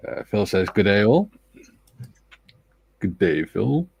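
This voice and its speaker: A man with a lowish voice hosts a live panel, reading out the chat and greeting viewers one by one with a jokey chuckle. The sound is close and dry. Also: sing-song, slow pace, gravelly, darkish tone, breathy edge, no echo, muffled recording. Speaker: host. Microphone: video call.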